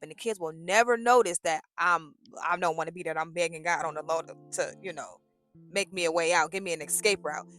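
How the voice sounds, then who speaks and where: Animated woman in a casual faith vlog. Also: lowish voice. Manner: animated, acts out dialogues with God. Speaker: vlogger. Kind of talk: casual faith talk to camera.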